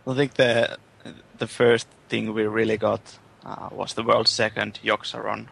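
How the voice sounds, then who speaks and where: A young man, a guest recounting things in a relaxed, matter-of-fact way. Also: lowish voice, unhurried, vocal fry, breathy edge. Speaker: guest, guild raider.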